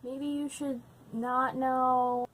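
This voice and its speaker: A tipsy young woman vlogging from home with a slightly high voice. She rants and swears, breaks into laughter and bursts into loud indignation. Her talk is casual and loose. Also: little pitch movement, extremely slow. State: tipsy from wine. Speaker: book vlogger. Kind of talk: casual drunk reading vlog.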